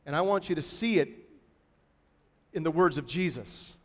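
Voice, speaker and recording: Male pastor, sermon delivery: high voice, deliberate emphatic stresses, reverberant hall. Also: lively intonation. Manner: emphatic, slow and deliberate, building to loud stresses.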